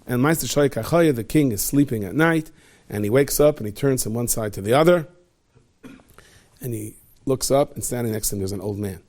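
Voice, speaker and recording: A man, a rabbi, spins a long story for his students in a lively, chatty way. He slips in and out of the characters' voices as he goes. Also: mid-range voice, brisk. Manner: lively, conversational, acts out every character.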